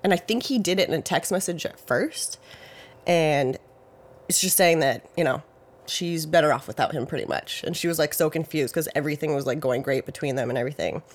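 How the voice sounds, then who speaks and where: A casual true-crime podcast host talks in a loose, rambling way. Details get hedged with "I think" and "I believe", and the talk is full of "like" and "you know". The pitch sits in a middle range. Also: brisk.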